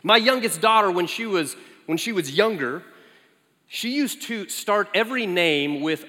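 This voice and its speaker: A man in his forties preaching as a guest, telling lively family stories with animated quotes of his child. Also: sits high, moderate pace. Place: large church sanctuary. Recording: echoey large hall.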